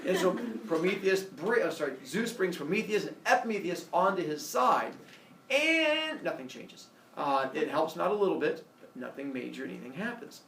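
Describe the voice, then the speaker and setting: A man's voice: on the high side, normal speed, creaky. A man casually retelling a myth in a playful, comic way, jumping between character voices. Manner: lively, playful, lots of voices and fillers. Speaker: storyteller. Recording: echoey room, distant mic, faint noise.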